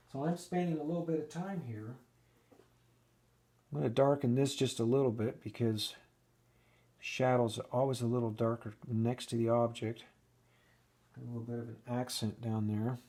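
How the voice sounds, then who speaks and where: A man's voice: mid-range voice, darkish tone. A man giving a casual oil painting lesson, thinking aloud and restarting sentences as he works at the easel. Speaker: painting instructor.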